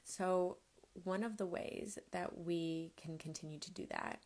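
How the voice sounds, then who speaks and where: A woman somatics coach giving a live-streamed teaching talk, explaining in a gentle, unhurried way. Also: lowish voice, steady tone.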